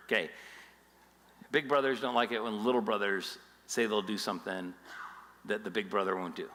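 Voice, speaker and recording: A male pastor giving a sermon in an animated storytelling style with jokes along the way. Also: fairly low pitch, fairly quick, big-room sound.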